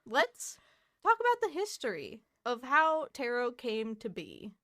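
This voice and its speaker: A woman's voice: fairly high pitch, wildly swooping pitch, measured pace, fairly bright tone, no room sound, clean studio sound. A young woman co-hosting a podcast, chatting casually, laughing often and swearing freely. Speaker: podcast co-host. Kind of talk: casual chat.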